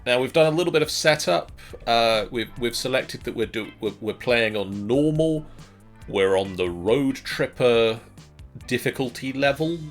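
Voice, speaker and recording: A man's voice: mid-range voice, expressive, measured pace, faint music behind. A man co-hosting a casual let's play, chatting hesitantly with many ums and restarts. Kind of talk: casual gaming commentary.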